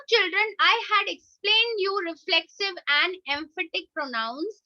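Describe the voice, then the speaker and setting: Indian english lady teacher, very high voice, slow and careful, dull dry recording. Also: sharp tone, no echo. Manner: explains step by step, repeats sentences slowly. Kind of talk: online grammar lesson.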